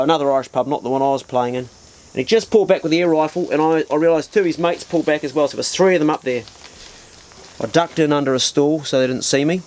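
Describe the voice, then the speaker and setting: Man, middle-aged, casual storyteller, colourful swearing, slightly high voice. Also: darkish tone. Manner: colourful, vivid, swears freely. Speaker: storyteller, channel host.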